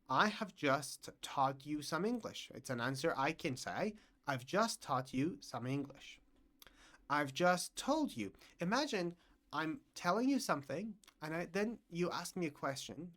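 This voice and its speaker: A man teaching English grammar to learners, his pitch rising and falling a lot as he talks. He speaks slowly and clearly, saying each example sentence twice so it sinks in. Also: a bit bright.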